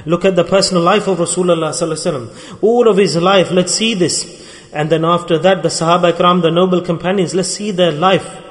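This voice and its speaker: A man's voice: high voice, fairly even intonation. Man preaching in a reverberant hall. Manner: earnest storytelling, slows on key words and repeats them. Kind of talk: sermon.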